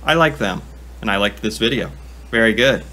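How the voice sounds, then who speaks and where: Chatty young man, bright voice. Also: on the low side, animated, moderate pace. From United States. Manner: chatty, self-mocking, laughs often, thinks aloud. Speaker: reaction video creator. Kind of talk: casual reaction commentary.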